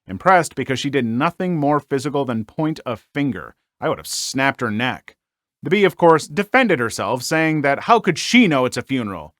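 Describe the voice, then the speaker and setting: A man hosting a story channel, reading online stories aloud and commenting on them in an animated, exclaiming way with frequent filler words. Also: mid-range voice, moderate pace, dry recording, studio quality.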